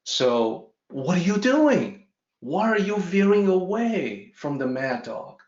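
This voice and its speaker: A man's voice: high voice, big pitch swings, slow, a little mellow, pitched above the performer's own voice, full character voice. A man voicing a curious, indignant young lion cub who asks pleading questions, in a teaching story. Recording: roomy, dull lo-fi audio.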